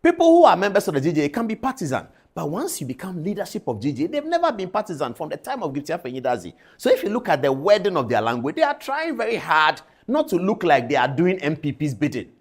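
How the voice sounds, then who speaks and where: A man's voice: a little high, wildly swooping pitch, fast, hardly any pauses. A man speaking as a TV news presenter, delivering impassioned on-air commentary full of indignant, lecturing rhetorical questions.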